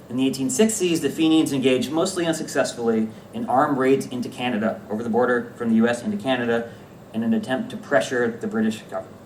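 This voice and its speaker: Man presenting at a conference, echoey room. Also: mid-range voice. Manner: lively, self-correcting, frequent "right?" and "um". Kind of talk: conference talk on slides. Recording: echoey room, distant mic, faint hiss.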